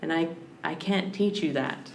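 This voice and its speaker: A woman's voice: sits low, normal speed, creaky. A woman guest on a podcast, a language scholar, talking in a reflective, searching way with frequent restarts. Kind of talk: reflective conversational interview. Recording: roomy with faint background hiss.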